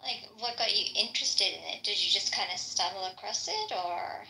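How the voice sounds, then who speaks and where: A woman guest in a chat room, asking soft, hesitant questions. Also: mid-range voice, normal speed, vocal fry, poor audio. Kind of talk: casual chat.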